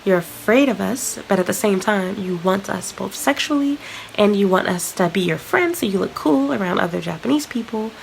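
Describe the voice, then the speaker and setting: A woman's voice: medium pitch, expressive, moderate pace, gravelly, a little hiss or hum, rough recording. A young woman venting frankly and with exasperation in a vlog to camera. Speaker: vlogger.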